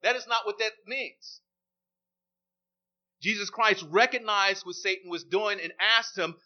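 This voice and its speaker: Man, preacher, sermon, emphatic, repeats phrases, high-pitched, dull lo-fi recording. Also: unhurried, long pauses.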